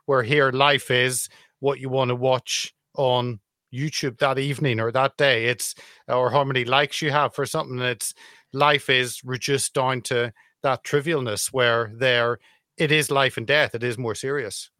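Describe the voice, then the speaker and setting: A man in a casual conversation, explaining his view in a measured, reflective way. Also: mid-range voice, fairly even intonation, bright, forceful tone, no echo, studio quality.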